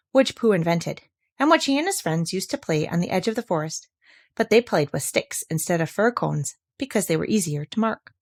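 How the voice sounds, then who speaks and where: A woman reading a children's storybook aloud, gentle and expressive. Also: on the high side.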